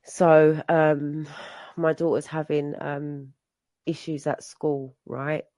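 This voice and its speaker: A woman's voice: deep voice, level tone, slow pace, mellow, dry recording. A woman, a mother, sharing her personal recovery story at a meeting, telling it with emotion, repeating herself and restarting often. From England. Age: adult. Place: meeting room.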